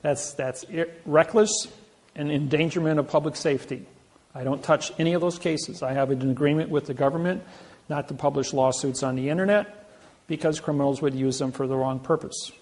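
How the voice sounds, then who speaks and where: A man's voice: fairly high pitch, fairly even intonation, a little fast, a little mellow. A man telling boastful anecdotes in a rambling, casual way, often restarting his sentences. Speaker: self-described sovereign legal advocate.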